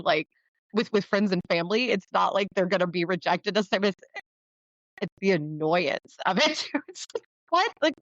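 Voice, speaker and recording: A woman talking casually as a podcast guest, laughing often and acting out quoted people in a higher voice. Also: fairly bright tone, dry recording. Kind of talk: casual interview conversation. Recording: dull dry lo-fi sound.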